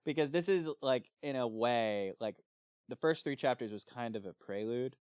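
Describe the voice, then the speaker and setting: A man's voice: mid-range voice, moderate pace, clear, resonant tone, dry recording, studio quality. A man co-hosting a book club podcast, chatting casually and now and then acting out lines in playful voices. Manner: animated, acts out character lines in jokey voices.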